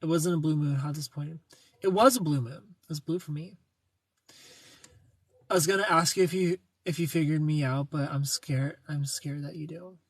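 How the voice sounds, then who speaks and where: A man's voice: on the high side, normal speed, husky, no echo. A young man hosting a casual livestream, reading viewer comments and joking playfully, greeting people by name. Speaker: livestream host reading chat.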